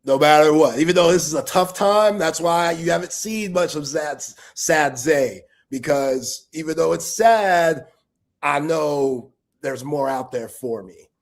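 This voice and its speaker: Man, sports talk show host, casual livestream chat, slightly higher voice, rambling, heartfelt, slangy. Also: a little slow. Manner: heartfelt, loose and rambling, full of street slang.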